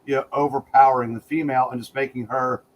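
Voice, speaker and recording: Dude co-hosting a chat, blunt, rambly, says you know a lot, faint hiss behind. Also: male voice, medium pitch, little pitch movement, quick pace, low-quality recording. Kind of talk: casual chat.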